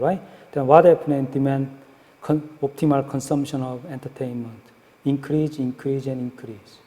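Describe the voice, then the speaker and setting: Male lecturer, higher voice, hesitant classroom delivery, reverberant hall. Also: dark tone. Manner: halting, frequent fillers and checks like "right?". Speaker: economics lecturer.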